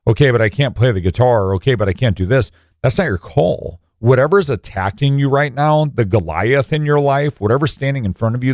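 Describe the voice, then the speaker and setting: A man co-hosting a faith and fitness talk show with a somewhat low voice. He tells stories and turns them into motivational encouragement. The recording is dry and close. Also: darkish tone, no echo. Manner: motivational, anecdotal, preachy. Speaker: co-host. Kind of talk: faith podcast conversation, storytelling.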